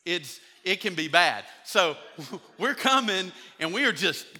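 Bright pastor in a reverberant church. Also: male voice, sits high, big pitch swings, a little slow. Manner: storytelling, conversational, acts out quoted voices. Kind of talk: sermon. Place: church sanctuary.

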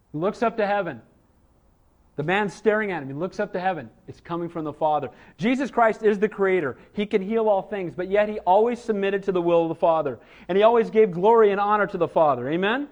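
A man preaching a sermon as pastor, calling out "amen?" often and swinging between loud emphasis and soft, low passages. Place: church auditorium.

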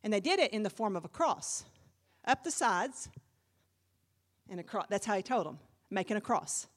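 A woman pastor preaching a sermon, dramatic and fervent, dropping to a hush and rising to loud cries as she quotes scripture. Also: medium pitch, sing-song, moderate pace, big-room sound.

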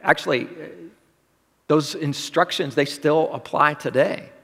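A man's voice: a little high, unhurried, gravelly, a bit bright. Man preaching in a reverberant hall. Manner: conversational preaching with rhetorical questions. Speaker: pastor. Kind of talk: sermon.

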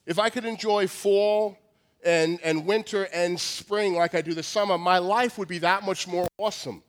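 A man's voice: high voice, steady tone, moderate pace. A nasal man in his forties with a Long Island accent, preaching a joking, self-deprecating sermon with lots of restarts. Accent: Long Island New York. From Long Island, New York. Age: 40s. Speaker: pastor.

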